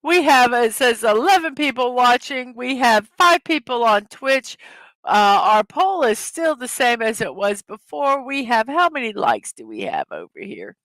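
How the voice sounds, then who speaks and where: A woman's voice: a little high, big pitch swings, measured pace, fairly bright tone, no echo. A middle-aged woman hosting a casual livestream, giggling as she reads viewers' jokes aloud. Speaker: livestream host.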